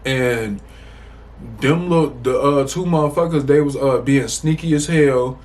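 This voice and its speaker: A young man from the Chicago area telling a casual storytime to the camera, animated and profane, rambling with many restarts. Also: medium pitch, unhurried. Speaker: storytime vlogger.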